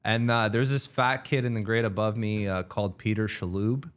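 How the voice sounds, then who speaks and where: A man's voice: on the low side, steady tone, normal speed, smooth. Rambling, profane young man telling stories. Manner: rambling, profane, laughing storyteller. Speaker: podcast host. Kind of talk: casual storytelling chat.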